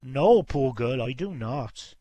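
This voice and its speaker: A man's voice: mid-range voice, lively intonation, slow, dark tone, no echo, pitched below the performer's own voice. Give me a man doing a kindly, plain-talking house servant. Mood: gentle.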